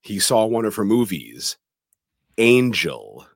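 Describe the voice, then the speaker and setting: A man's voice: fairly low pitch, sing-song, slow pace, vocal fry, no room sound, studio quality. A man co-hosting a podcast, recapping a horror film scene by scene in a casual way. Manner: retells scenes plainly, acts out quoted lines. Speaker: podcast co-host.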